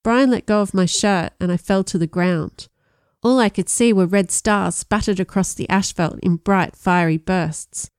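A woman narrating a first-person audiobook in a measured storytelling way, with lively voiced dialogue. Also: medium pitch, smooth, no room sound, clean studio sound.

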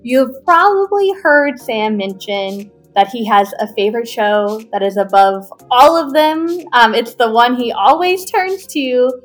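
A woman's voice: fairly high pitch, expressive, unhurried, hardly any pauses, faint music behind. A woman co-hosting a podcast as its producer, chatting casually in a giggly, teasing way.

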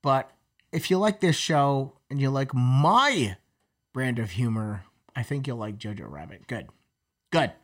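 A man co-hosts a podcast and talks at a middle pitch. He rambles through restarts and fillers, swearing freely. His delivery is loose and conversational. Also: expressive, measured pace, a bit bright. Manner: rambling, profane, lots of fillers. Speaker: podcast co-host. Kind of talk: casual chat.

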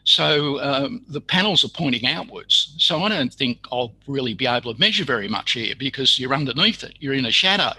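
An older man, a retired physicist telling a long story in an interview, pausing often with fillers and restarts. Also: medium pitch, animated, sharp tone, slightly rough, low-quality recording. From Australia. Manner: halting, full of fillers and restarts, acts out quoted dialogue. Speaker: guest, retired radiation physicist.

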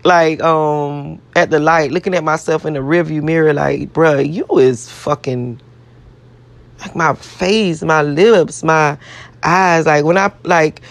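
A woman's voice: sits low, steady tone, slow, no room sound. Brash, profane woman rambling to camera. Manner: boastful, self-adoring. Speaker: vlogger. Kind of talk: casual self-talk to camera.

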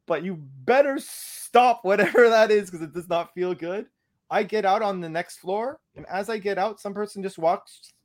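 A young man casually telling a story on a podcast, animated and profane, acting out what he said. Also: sits high.

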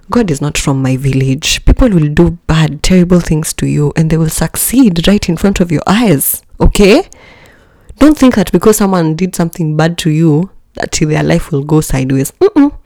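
A woman hosting a podcast, telling a personal story in a candid, expressive way, with joking asides to listeners. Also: no echo. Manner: candid and expressive, with jumps in pitch and level. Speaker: podcast host.

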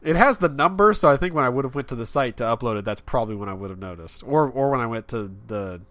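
A man's voice: medium pitch, animated, quick pace, fairly bright tone, no room sound. A man in his thirties co-hosting a podcast in casual chat, telling stories on himself with a laugh. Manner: self-deprecating, laughs while telling stories. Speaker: podcast co-host.

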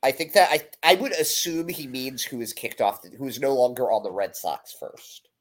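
A man hosting a casual sports podcast, talking in an animated, rambling way. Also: mid-range voice, normal speed. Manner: animated, rambling, self-deprecating. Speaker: podcast host.

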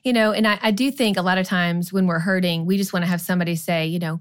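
A woman's voice: lowish voice, fairly even intonation, fast talker, few pauses, clean tone. Earnest woman co-hosting a podcast. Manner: earnest storytelling with quoted voices. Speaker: podcast co-host. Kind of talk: casual conversation.

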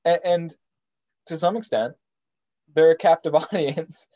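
A man chatting on a podcast with a mellow, fairly high voice, joking and stumbling through restarts. The sound is dull and lo-fi. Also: a little slow. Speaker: podcast co-host. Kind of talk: casual chat.

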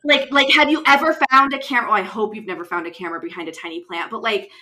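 Chatty and animated, this West Coast podcast co-host retells things in casual conversation, leaning on lots of fillers. She's a fast talker with a mid-range voice.

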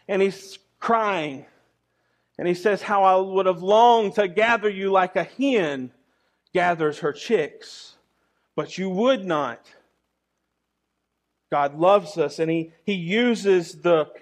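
High-pitched man preaching earnestly. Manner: earnest preaching with repeated words and rhetorical questions. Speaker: pastor. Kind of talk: sermon.

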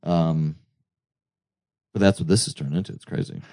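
Male co-host, low voice, rambling swearing storyteller, loose casual chat. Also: steady tone, moderate pace, dark tone. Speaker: podcast co-host.

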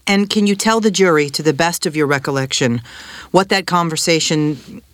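An actor reading a prosecutor's questions to a witness in a courtroom reenactment, formal and measured. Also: male voice, fairly high pitch, fairly bright tone, no echo, close to an everyday voice.

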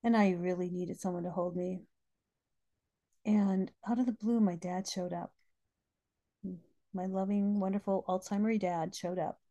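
A woman's voice: mid-range voice, steady tone, a little slow, long pauses, mellow. A middle-aged woman hosting a podcast, telling heartfelt personal stories and quoting spiritual texts. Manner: heartfelt storytelling, quoting scripture. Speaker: podcast host.

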